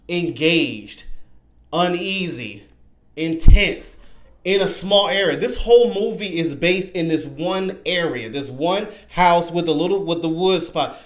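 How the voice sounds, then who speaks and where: A man giving an excited, rambling horror movie review, often repeating himself. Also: a little high. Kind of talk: casual spoken review. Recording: roomy echo.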